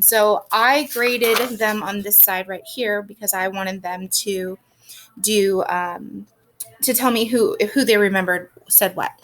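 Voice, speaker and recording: A woman's voice: medium pitch, a little hiss or hum. A woman teacher giving patient, step-by-step instructions for a student's reading work, with frequent "um"s. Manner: patient, explaining step by step with many fillers. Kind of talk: recorded lesson instructions for a student.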